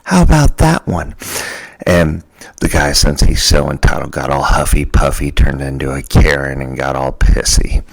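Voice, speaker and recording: Casting: male podcast host, very deep gravelly voice, jokey and animated storyteller. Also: normal speed. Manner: animated, jokey, acts out quoted people. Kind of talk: casual storytelling.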